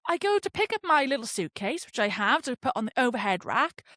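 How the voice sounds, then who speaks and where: Woman host, lively pitch, a bit high, chatty and profane, dry close sound. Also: a little fast, no room sound. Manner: animated, chatty, swears freely. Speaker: podcast host. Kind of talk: casual storytelling monologue.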